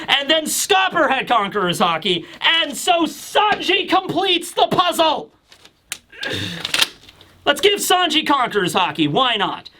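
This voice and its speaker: A man talking casually as a manga reviewer, excitable, acting out the characters' quotes. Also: high-pitched. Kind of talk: casual chat.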